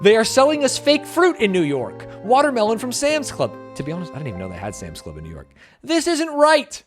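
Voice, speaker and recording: A man's voice: sits high, wildly swooping pitch, fast talker, music in the background. An American man reacting to video clips on a stream, joking, swearing and ranting in exaggerated bursts. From United States. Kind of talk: casual reaction commentary.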